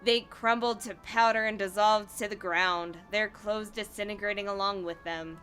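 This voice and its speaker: A woman reading a book aloud on a podcast, bored and deadpan sarcastic. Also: medium pitch, moderate pace, faint music behind. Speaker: podcast guest. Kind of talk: casual reading aloud with jokes.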